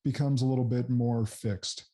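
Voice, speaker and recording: A man's voice: mid-range voice, fairly even intonation, moderate pace, mellow. A man in his thirties hosting a podcast, speaking in an earnest, affirming, reflective way. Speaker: podcast host. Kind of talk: casual interview chat.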